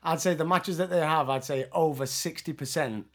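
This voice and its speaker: A man's voice: fairly high pitch, normal speed. A man, co-hosting a casual podcast, blunt and sweary, arguing his point. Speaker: podcast co-host.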